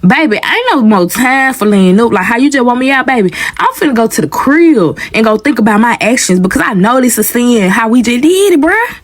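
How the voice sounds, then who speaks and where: A woman's voice: on the high side, animated, fairly quick. A young woman telling a story casually and animatedly, often addressing the viewers as y'all.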